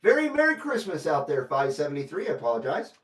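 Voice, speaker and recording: High-voiced CB radio man in a roomy room. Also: very animated, fast. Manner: friendly, repeats call numbers, rambling asides. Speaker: CB radio operator hosting a livestream. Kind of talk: casual radio call-outs and chat. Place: radio station room in Carson City, Nevada. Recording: roomy, distant mic, faint noise.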